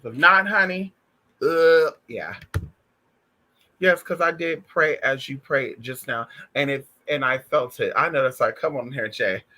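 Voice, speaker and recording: A man chatting casually on a stream, sassy and animated, calling listeners honey and girl, swearing freely as he tells stories. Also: mid-range voice, measured pace. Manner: profane and emphatic. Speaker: spiritual vlogger. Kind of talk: casual livestream chat.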